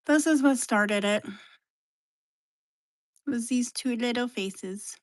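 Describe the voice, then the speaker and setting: Woman, slow unhurried talk, slightly high voice, soft-spoken, sighs, dry close sound. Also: dry recording. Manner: soft-spoken, sighing, drifting into whispers. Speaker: livestreamer. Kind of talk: casual chat showing her pets.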